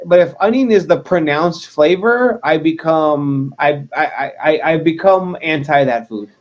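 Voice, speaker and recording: A man's voice: a little high, unhurried. A man, a wrestler as interview guest, chatting casually in a joking, self-deprecating way.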